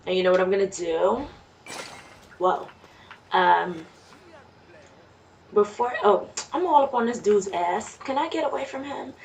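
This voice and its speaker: Slow-talking gravelly woman with a Jamaican accent. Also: mid-range voice, lively intonation, darkish tone. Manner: chatty, exclaims at the game. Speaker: let's play streamer. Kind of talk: casual gameplay commentary. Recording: distant mic with faint noise.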